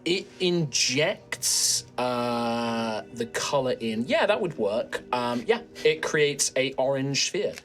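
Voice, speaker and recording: A man's voice: medium pitch, lively intonation, takes it slowly, few pauses, a bit bright. A man running a tabletop game with laughing, teasing banter. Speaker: game master.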